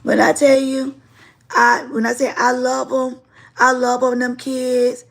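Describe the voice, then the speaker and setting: A woman's voice: sits high, unhurried, gravelly. A woman hosting a casual livestream, telling stories in an emphatic, repetitive way. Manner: animated, emphatic storytelling with repetition. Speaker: livestream host and teacher.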